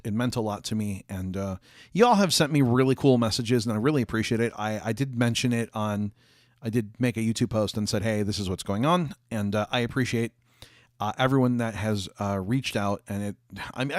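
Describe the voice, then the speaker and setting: A man's voice: fairly low pitch, no room sound, clean studio sound. A young adult man chatting casually with viewers on a livestream from his office, rambling with lots of fillers and restarts, coughing and hiccuping.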